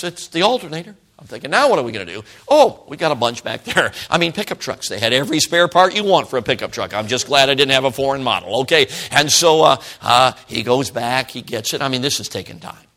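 A middle-aged man preaching a sermon, telling a folksy story with frequent laughs and swings between loud and hushed. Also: medium pitch, fairly quick, few pauses. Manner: folksy storytelling, frequent "you know what I'm talking about".

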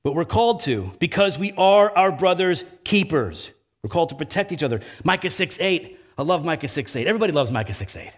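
A man's voice: on the high side, very animated, brisk. A male pastor preaching a conversational sermon, often tossing in "right?" asides and building to emphatic swells.

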